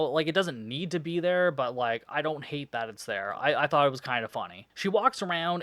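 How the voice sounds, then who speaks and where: A man hosting a podcast, his voice sitting a bit above the usual male range and caught dry and close on the mic. He recaps a cheesy film with sarcasm, wandering tangents and a steady stream of swearing, laughing at how silly it all is. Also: on the high side, no room sound. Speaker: podcast host reviewing a film. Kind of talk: casual profane plot recap.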